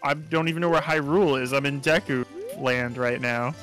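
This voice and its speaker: A man co-hosting a let's play, crude and joking, laughing often and jumping into high squeaky bits. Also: fairly even intonation, moderate pace, a bit bright, soft background music. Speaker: let's play co-host playing the game. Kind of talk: casual gaming chat.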